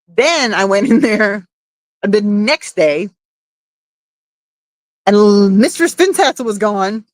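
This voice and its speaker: A woman's voice: medium pitch, expressive, a little slow, long pauses, no echo. A woman hosting a casual livestream, chatting and reading out viewer comments, laughing often and swearing casually. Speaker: livestream host.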